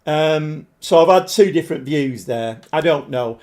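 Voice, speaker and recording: A man live-streaming a game, chatting to viewers and getting easily frustrated, his voice a bit hoarse. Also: on the high side, animated, a little slow, a little mellow. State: voice struggling, slightly hoarse. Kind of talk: live-stream commentary while playing.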